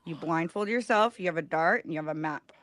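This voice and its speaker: A woman's voice: deep voice, brisk, fairly bright tone. A woman co-hosting a live stream in casual chat, playful and joking. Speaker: co-host of a live real estate stream.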